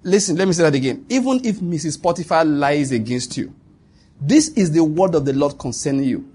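Husky pastor preaching. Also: male voice, fairly high pitch, expressive, brisk, dark tone. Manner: emphatic, repetitive declarations with bursts of laughter. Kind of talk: sermon. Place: church with a congregation answering.

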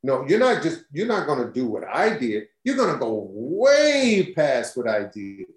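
A man's voice: medium pitch, a little slow. A man near sixty, a singer being interviewed, telling stories expressively and acting out what people said, laughing as he goes. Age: 50s. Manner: expressive, laughing storyteller who acts out quotes. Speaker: guest singer. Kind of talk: animated storytelling interview. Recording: roomy echo.

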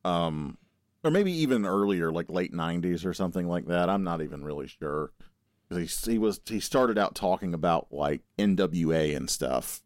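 A young man with a very low, deep voice talks with animation, teasing his co-host and swearing offhand. His voice is recorded close and dry, with almost no room sound. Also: expressive, normal speed, no echo. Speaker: podcast co-host. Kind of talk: casual chat.

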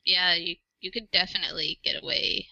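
Bright-voiced woman on a lo-fi mic. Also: lowish voice, steady tone, fairly quick, dry recording. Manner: laughs often, easygoing. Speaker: podcast guest. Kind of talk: casual podcast chat. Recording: dull lo-fi recording.

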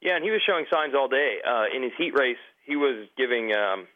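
A man's voice: mid-range voice, animated, fairly quick, phone-quality sound. A man co-hosting a casual racing podcast, rambling on with fillers. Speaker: co-host.

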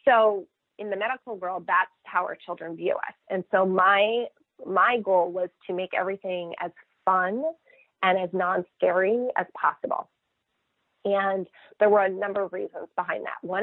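A middle-aged woman telling her family's story as a guest in a casual interview, lively and expressive. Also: mid-range voice, normal speed, no room sound. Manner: lively, expressive, acts out quoted voices. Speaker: guest, mother of a child cancer patient. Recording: tinny phone-line sound, dry.

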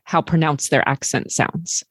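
Speaking a little slowly in a deep, husky voice, this Maryland woman hosts a podcast and chats with a remote guest. She's a warm, talkative storyteller who uses lots of fillers in the relaxed interview. The sound is clean studio quality with no room echo.

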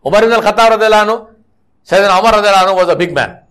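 Rapid-fire and high-pitched, with a fairly bright, smooth tone, a middle-aged mosque preacher tells stories in his sermon, often restarting them. He scolds his listeners with rhetorical questions.

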